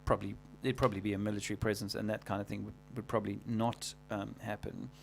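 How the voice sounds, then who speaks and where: A man hosting a livestream, talking casually in a rambling, halting way full of fillers and restarts. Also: lowish voice, level tone, gravelly, a little hiss or hum. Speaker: livestream host.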